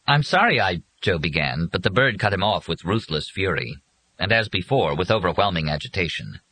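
A man reading an audiobook in a husky voice with dramatic, expressive scripted narration. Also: low-pitched, brisk, no echo, low-quality recording.

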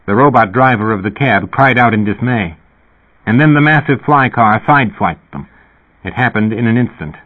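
Reading science fiction for an audiobook, a man with a medium-pitched voice keeps a moderate pace and a steady, even storytelling manner. The audio has a narrow, phone-like quality.

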